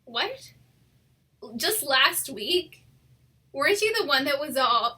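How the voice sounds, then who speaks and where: A young woman telling a personal story in a casual, animated way, swearing often and saying "like" a lot. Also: high voice, slow, pauses often. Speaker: storytime vlogger.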